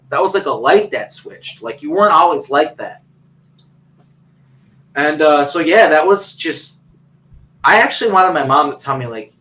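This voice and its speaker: A man's voice: mid-range voice, bright, forceful tone, poor audio. A man on a video call telling a long personal story in a rambling way, full of fillers and restarts. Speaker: guest.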